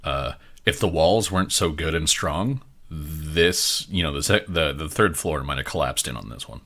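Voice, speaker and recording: A man's voice: a bass voice, animated, moderate pace, fairly bright tone. A man narrating a tabletop game as game master, in a loose, rambling delivery. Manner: rambling, with many fillers and restarts.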